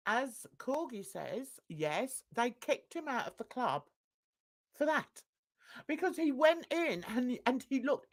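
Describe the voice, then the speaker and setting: A middle-aged woman, hosting a live reaction stream with scornful, laughing commentary. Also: medium pitch.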